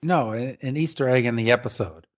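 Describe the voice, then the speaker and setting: A man co-hosting a podcast in casual chat, retelling the plot with halting fillers. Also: medium pitch, muffled recording. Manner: rambling, halting, with many fillers. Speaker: podcast co-host.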